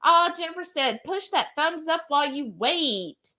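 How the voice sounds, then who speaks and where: Lively woman reading chat aloud. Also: high-pitched, measured pace. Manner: animated, greets viewers by name, laughs often. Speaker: co-host of a live cooking stream. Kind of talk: casual live-stream chat, reading viewer comments aloud.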